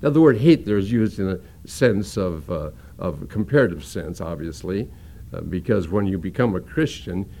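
A man's voice: mid-range voice, warm tone. A man preaching a sermon as pastor, explaining a passage step by step and repeating words as he searches for them.

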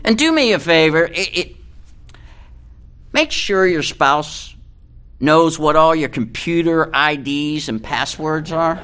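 A man's voice: on the high side, lively intonation, takes it slowly, sharp tone, clear, resonant tone. An older man preaching a sermon in a folksy, earnest way, reading scripture aloud. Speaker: pastor.

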